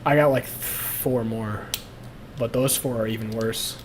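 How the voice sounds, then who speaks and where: A man's voice: medium pitch, fairly even intonation, a little slow. Young male streamer, blunt and profane, casual confessional talk, faint noise behind. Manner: blunt, profane, laughs at himself.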